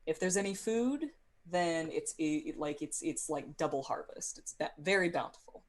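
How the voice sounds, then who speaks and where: Woman player, deep for her sex, loose rambling table talk. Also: animated, moderate pace. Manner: rambling, with fillers and restarts. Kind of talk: casual tabletop game chat.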